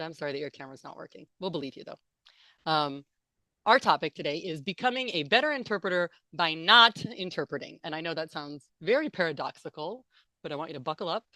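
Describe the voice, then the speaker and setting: A woman's voice: low-pitched, sharp tone, no room sound. A young adult woman giving a chatty, playful online talk to interpreters, reading out and answering comments from the chat. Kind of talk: live webinar presentation with audience chat. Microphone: computer mic on a video call.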